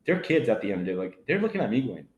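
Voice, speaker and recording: This middle-aged podcast guest talks rapid-fire in a slightly mellow, mid-range voice with big pitch swings. Telling a casual story, he rambles with lots of fillers and performs his family's quoted words, all in a roomy, echoing recording.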